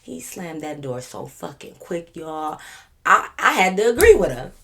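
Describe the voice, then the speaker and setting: Storyteller: a low-pitched woman, playful and slangy, chatting straight to her viewers. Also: unhurried, creaky. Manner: playful, animated, slangy, acts out quotes. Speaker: storytime vlogger.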